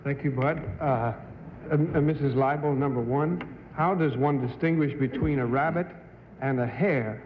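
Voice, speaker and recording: A man on a game show panel, asking questions hesitantly with many pauses. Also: medium pitch, background noise. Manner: hesitant, full of uh. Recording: muffled 1960s broadcast audio in a large hall.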